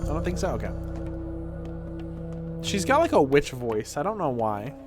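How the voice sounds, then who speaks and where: Male vtuber streamer, casual playthrough commentary, animated, thinks aloud, curses at setbacks, lively pitch. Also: moderate pace, music in the background. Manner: animated, thinks aloud, swears when frustrated.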